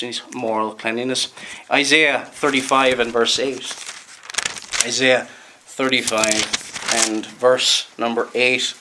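A man preaching a sermon, emphatic, repeating words and slowing down to stress them. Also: medium pitch, bright, forceful tone.

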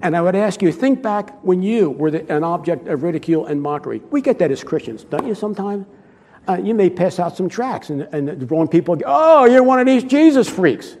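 High-voiced preacher in an echoing hall. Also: male voice, lively intonation, fairly quick, warm tone. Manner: conversational, asks the listeners questions. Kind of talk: sermon.

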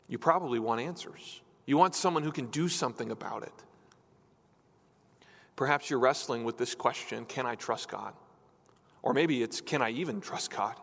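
A man's voice: fairly high pitch, a bit bright. Earnest male preacher in a reverberant hall. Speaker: pastor. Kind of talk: sermon.

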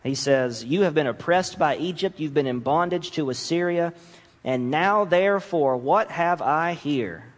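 A man delivers an animated sermon in a slightly higher voice, shifting into the voices he quotes as he preaches. The sound carries a long hall reverb. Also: unhurried. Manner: animated, acts out voices of mocking nations and God.

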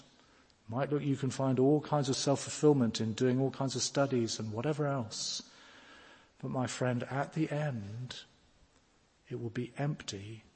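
A man's voice: medium pitch, a little mellow, husky. A man preaching a sermon who tells stories and pleads earnestly with his listeners. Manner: earnest, pleading, rising to emphatic questions. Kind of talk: sermon with storytelling. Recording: long reverb of a church hall.

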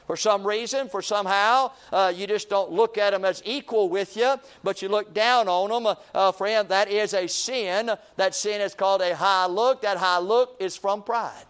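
A man's voice: high-pitched, moderate pace, few pauses, fairly bright tone, smooth. A man preaching a sermon in a repetitive, rhythmic cadence, calling his listeners friend.

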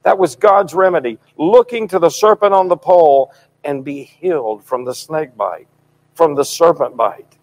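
A middle-aged man preaching a sermon in a fervent, emphatic style, his voice swelling loud at key points. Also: on the high side, normal speed, poor audio.

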